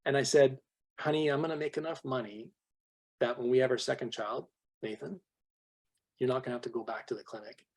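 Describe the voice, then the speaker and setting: A husky, slightly worn male voice at a mid pitch, telling a story with lively swings between loud emphasis and quiet asides. He acts out the quoted lines of the people in his story as he coaches a sales team over a call. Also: a little fast, long pauses. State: voice worn from much talking. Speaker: guest trainer on a team call.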